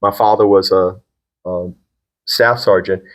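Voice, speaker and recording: A man's voice: low-pitched, fairly even intonation, a little slow. A middle-aged man hosting a podcast with his son, talking in an earnest, encouraging and reflective way. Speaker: podcast host, father. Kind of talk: casual conversation.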